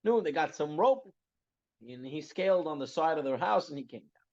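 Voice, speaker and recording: A man gives a religious class in a loose, conversational storytelling manner, often repeating himself and checking in with his listeners. His voice sits somewhat high, and the recording sounds dull and muffled. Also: animated, normal speed, darkish tone. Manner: conversational, repeats phrases, asks "right?". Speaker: rabbi teaching a class.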